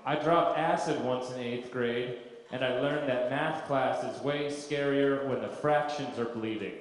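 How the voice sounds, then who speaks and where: A man performing a stand-up comedy set on a club stage, telling stories in a deadpan way with absurd punchlines. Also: medium pitch, unhurried, background noise. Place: comedy club stage before a live audience. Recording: echoey club with crowd laughter. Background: audience laughter.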